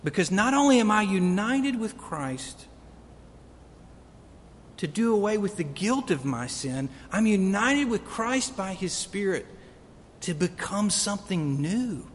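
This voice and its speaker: A man preaching a sermon earnestly, building to emphatic peaks. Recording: long reverb of a hall, faint rumble.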